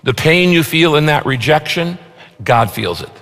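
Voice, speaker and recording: A man's voice: animated, moderate pace, creaky, fairly bright tone. A man preaching in a reverberant hall. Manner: preaching with emphatic repetition, rising to stress points then dropping low. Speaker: pastor. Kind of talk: sermon. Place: large church auditorium.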